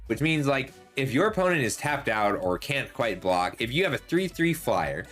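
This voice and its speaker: Lively-voiced man reviewing game cards. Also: medium pitch, normal speed, soft background music. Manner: chatty and analytic, with frequent ums and self-corrections. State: slightly losing his voice. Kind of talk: casual card set review.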